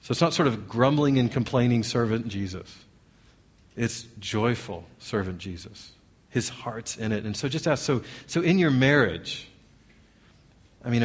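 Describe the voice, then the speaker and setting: A man's voice: medium pitch, highs cut off. Earnest man preaching a sermon. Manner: earnest, asks the congregation many questions. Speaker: pastor.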